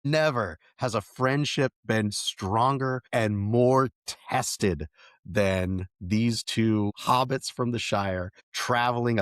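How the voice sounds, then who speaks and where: A man's voice: medium pitch, fairly bright tone, dry recording, clean studio sound. A middle-aged man co-hosting a casual podcast, talking earnestly and enthusiastically with frequent restarts. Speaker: podcast co-host.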